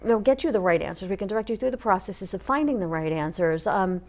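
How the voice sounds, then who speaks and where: A woman's voice: medium pitch, expressive, fast, a little mellow. A woman guest on an interview show, speaking for a support organization in an earnest, emphatic way. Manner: earnest and emphatic, stresses key points. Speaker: guest, association representative. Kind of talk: casual interview.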